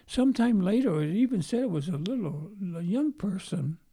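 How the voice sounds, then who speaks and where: A man's voice: sits high, animated, moderate pace, warm tone, slightly rough, dry recording, clean studio sound. A man preaching a sermon, telling a story with dramatic turns and falling into whispers. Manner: dramatic, acts out quotes, drops to whispers.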